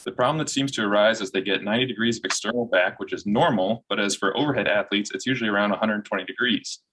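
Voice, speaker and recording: A man's voice: on the low side, sharp tone, breathy edge, low-quality recording. A young man, a physical therapy student, reading a long listener question aloud straight through. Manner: brisk, reads straight through.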